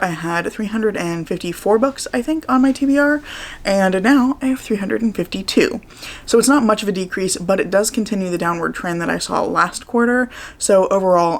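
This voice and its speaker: A woman with a slightly hoarse morning voice, chatting casually and upbeat about the books she got in a haul, rambling with fillers. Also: on the low side. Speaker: book vlogger. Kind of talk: casual book haul chat.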